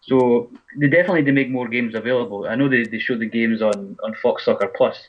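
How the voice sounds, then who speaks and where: A man with a Scottish accent, a guest football writer talking in casual podcast chat, rambling with lots of fillers. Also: mid-range voice. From Scotland. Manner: fast, rambling, lots of "you know". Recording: muffled lo-fi podcast audio.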